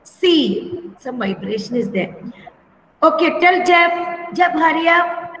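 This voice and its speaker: Woman, teacher, online class, slow patient repetition, high-pitched, echoey room with long reverb. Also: lively intonation, fairly bright tone, a little hiss or hum. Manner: slow, patient, repeats words and calls pupils by name. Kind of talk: online class for young children. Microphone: computer mic on a video call.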